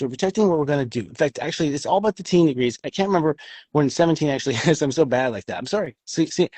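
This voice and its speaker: Male astrology co-host, casual and profane, lively swooping delivery, slightly husky. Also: on the high side, no room sound. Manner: animated, swears freely, acts out quoted voices. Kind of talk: casual chat.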